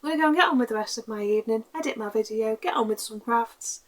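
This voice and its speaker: A woman's voice: fairly high pitch, quick pace. A middle-aged woman, chatting casually to camera as a crafting vlogger in a rambling, grateful way. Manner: chatty and rambling, self-described waffly; warm and grateful.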